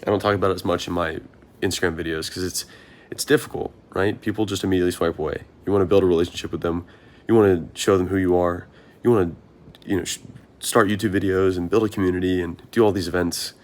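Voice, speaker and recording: A man's voice: low voice, steady tone, fast talker, darkish tone. A young man, a marathon runner, talking through his thoughts in an earnest, rambling vlog monologue, often asking himself questions.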